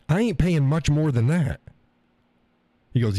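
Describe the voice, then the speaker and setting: A man's voice: medium pitch, big pitch swings, normal speed, dark tone, no room sound. A middle-aged American man hosting a live stream, ranting casually in a profane, rambling way and mocking other people's words. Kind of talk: casual storytelling rant.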